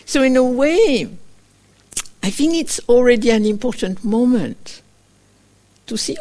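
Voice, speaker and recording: Gentle woman giving a dharma talk. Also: fairly high pitch, lively intonation, a little slow, pauses often. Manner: storytelling, acting out her own inner voice in small quoted asides; gentle, reflective, with frequent fillers like "kind of". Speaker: meditation teacher. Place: meditation retreat center.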